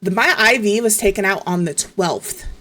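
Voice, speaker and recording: A woman's voice: mid-range voice, moderate pace, a bit bright. A woman streamer in casual chat, telling stories in a profane, exasperated way.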